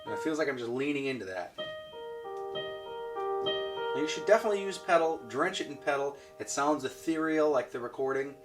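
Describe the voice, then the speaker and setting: A man's voice: medium pitch, expressive, fairly quick, pauses often. A man teaching an online piano lesson, patiently counting beats aloud as he demonstrates at the keyboard. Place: room with a piano. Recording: recorded from a distance with piano playing.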